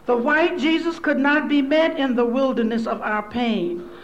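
A woman from Louisville, Kentucky, giving a lecture with storytelling, speaking deliberately in repeated, list-building phrases. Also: high voice, muffled recording, a little hiss or hum. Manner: deliberate, repetitive preacherly cadence building lists. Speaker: speaker on theology.

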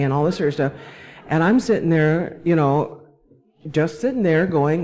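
A woman from Alabama, a panelist, telling personal stories in a panel discussion in a wry, measured way. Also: sits low, lively intonation, warm tone.

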